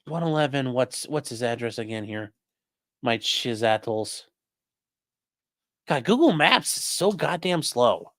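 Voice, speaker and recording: A man's voice: medium pitch, animated, normal speed, few pauses. A man hosting a casual live stream, reading a document aloud and rambling to his chat with crude jokes and swearing. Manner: rambling, profane, jokey asides to chat. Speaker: livestream host.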